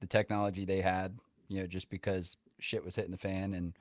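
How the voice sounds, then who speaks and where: A man's voice: low-pitched, level tone, fairly quick, no echo. A man co-hosting a podcast in loose, conversational chat full of "you know" and "kinda". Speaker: podcast co-host. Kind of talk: casual chat.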